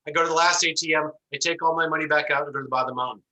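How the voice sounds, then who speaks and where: Guy teaching over an online class, real bright edgy voice, kinda high, acts out little voices in his story. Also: fairly even intonation, rapid-fire, poor audio. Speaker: instructor.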